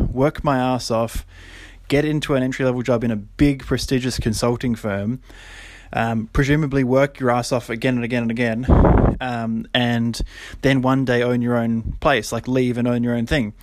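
A young man hosting a solo podcast, talking casually and then getting preachy and animated, with lots of fillers and quick laughs. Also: mid-range voice, very noisy. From Australia. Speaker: podcast host.

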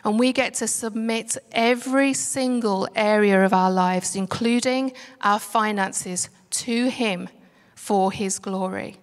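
A woman preaching a sermon in an earnest, measured way, slowing down to stress key words. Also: mid-range voice. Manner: earnest, measured, slows for emphasis. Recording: music under voice, long reverb.

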